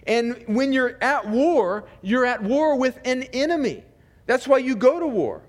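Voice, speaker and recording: A man's voice: extremely high pitch, lively intonation, unhurried. A man speaking as a pastor in a church, praying and then preaching a sermon in an earnest way, often restarting his words. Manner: earnest, with frequent small restarts. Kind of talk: sermon with opening prayer. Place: church sanctuary.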